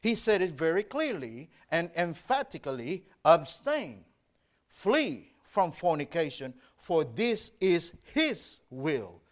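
A male preacher delivers a sermon in an earnest, emphatic way, pausing over his scripture readings. His voice sits a little high, and his pitch rises and falls a great deal. He takes his time, with an unhurried pace. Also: very animated. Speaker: pastor.

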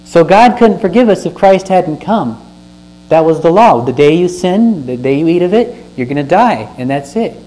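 A man's voice: on the high side, expressive, normal speed, dark tone, rough recording. A man preaching a sermon, reading scripture aloud and explaining it with earnest stresses and questions to the listeners. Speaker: pastor. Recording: faint mains hum.

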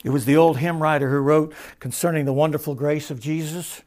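A man preaching a sermon, dropping to hushed, slow phrases and then rising to loud, ringing emphasis. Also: fairly high pitch, fairly even intonation.

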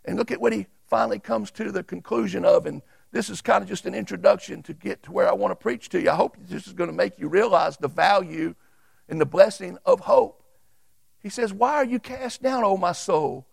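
A pastor preaching in a very high, gravelly voice. He reads scripture with emphatic pauses and speaks straight to his congregation. The sound is dry and close. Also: no echo. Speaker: Baptist pastor. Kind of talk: sermon.

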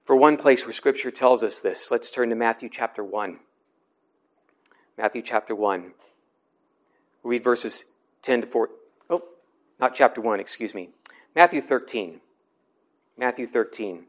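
A man preaching a sermon in a measured, explanatory way, slowing down to stress scripture. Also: medium pitch. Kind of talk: sermon teaching.

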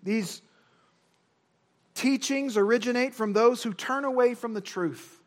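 High-voiced male preacher, emphatic. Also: unhurried. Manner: emphatic, repeats key words for stress. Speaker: pastor. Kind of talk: expository sermon.

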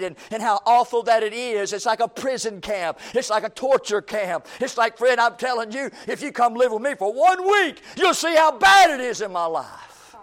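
A man preaching a fiery church sermon, swinging from shouted lines to low, intense passages with repeated emphasis. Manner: repetitive, drawn-out emphasis.

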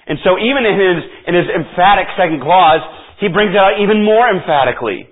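A man's voice: a little high, expressive, brisk. A man preaching a sermon as pastor, emphatic and repeating key phrases for stress. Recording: tinny phone-like audio.

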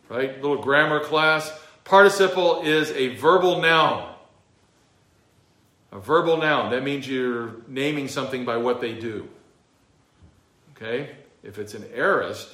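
A man's voice: mid-range voice, sharp tone. Man preaching in an echoey church. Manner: teaching verse by verse, emphatic, with fillers. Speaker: pastor. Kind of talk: expository sermon.

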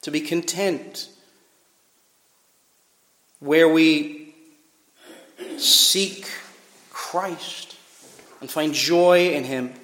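A man's voice: a little high, very slow, long pauses, a bit bright. A man in his twenties preaching an earnest, emphatic sermon, his voice rising and falling in volume. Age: 20s. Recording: echoey church hall.

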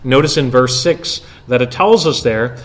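A man preaching an expository sermon, explaining a Bible passage verse by verse with frequent pauses. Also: mid-range voice.

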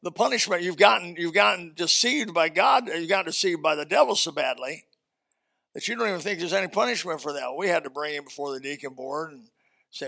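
A man preaching a sermon as pastor, animated and folksy, swinging from loud emphasis to quiet asides. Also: fairly high pitch, brisk, gravelly.

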